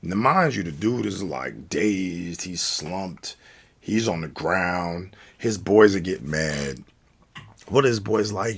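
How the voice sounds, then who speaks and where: An American man telling a story from a night out in a casual, slangy, animated way. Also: deep voice, takes it slowly, slightly rough. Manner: animated, slangy, acts out quoted speech. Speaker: storyteller, channel host.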